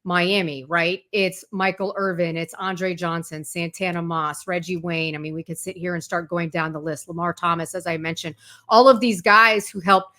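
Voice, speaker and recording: Woman, sports reporter, interview guest, fluent, detailed, animated storytelling. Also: fairly low pitch, moderate pace. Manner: fluent, detailed explaining with lively retold anecdotes. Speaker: college football reporter, guest.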